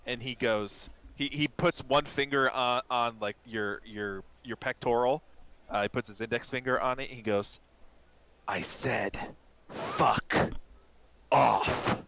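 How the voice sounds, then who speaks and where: A man's voice: medium pitch, steady tone, normal speed, sharp tone, clear, resonant tone, no echo. A man narrating as game master in a casual, filler-heavy way.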